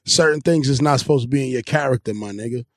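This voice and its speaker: A man hosting a podcast, telling stories in an animated, joking way. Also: mid-range voice, fast talker, dry recording. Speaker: podcast host. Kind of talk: casual interview banter.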